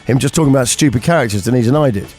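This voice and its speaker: A man's voice: medium pitch, racing, darkish tone, faint music behind. A man hosting a radio show, telling rambling anecdotes in casual chat. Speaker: radio host.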